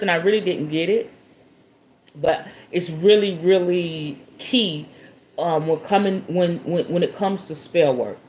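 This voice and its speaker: A woman's voice: lowish voice, darkish tone. A woman with a Southern American accent hosting a casual spiritual talk, chatty and folksy and breaking into laughter. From Southern United States. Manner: chatty and folksy, calls listeners y'all and baby, bursts of laughter. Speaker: spiritualist host. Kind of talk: casual live talk answering viewer questions.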